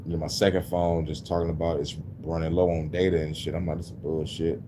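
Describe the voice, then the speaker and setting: A man's voice: sits low, little pitch movement, quick pace, noisy background. A man talking casually on his livestream, rambling and venting with heavy swearing. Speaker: livestreaming musician.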